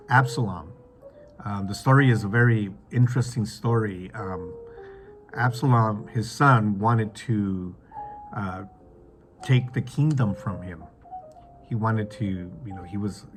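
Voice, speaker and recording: A man giving a devotional talk as a preacher, halting and reflective, with many restarts. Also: fairly low pitch. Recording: clear background music.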